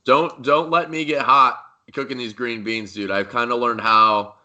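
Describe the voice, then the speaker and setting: A man's voice: medium pitch, steady tone, unhurried, pushed and bright, lo-fi sound. A man co-hosting a podcast in casual chat, laid-back and saying "dude" a lot. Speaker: podcast co-host.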